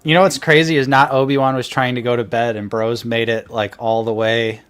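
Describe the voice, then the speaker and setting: A man's voice: mid-range voice, flat delivery, brisk, fairly bright tone, clear, resonant tone. A man co-hosting a casual livestream chat, teasing friends and laughing often. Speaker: co-host.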